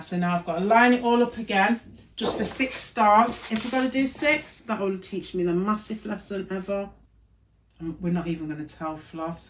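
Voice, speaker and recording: A woman's voice: on the low side, low-quality recording. A tired woman, chatting and muttering to herself while working in her craft studio. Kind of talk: casual crafting vlog narration.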